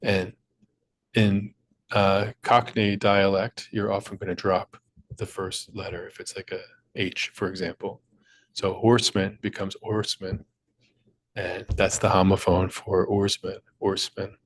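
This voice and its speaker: Guy walking thru crossword answers, lowish voice, patient, stops to fix himself now and then. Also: little pitch movement, measured pace, low-quality recording. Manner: patient, explanatory, with small slips and restarts. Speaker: crossword puzzle maker and teacher. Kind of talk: screen-recorded tutorial walkthrough.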